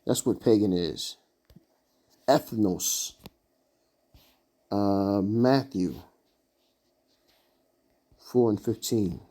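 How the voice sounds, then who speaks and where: Man teaching Bible verses off the cuff, mellow low tone, stumbles and fills pauses as he hunts for words. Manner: halting, searching for words, many fillers. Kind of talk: informal scripture study.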